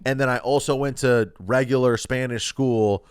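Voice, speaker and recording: A man's voice: medium pitch, fairly even intonation, moderate pace, clear, resonant tone, no echo. A man co-hosting a comedy podcast, brash and casual, cursing freely. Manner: brash, swears a lot. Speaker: podcast co-host.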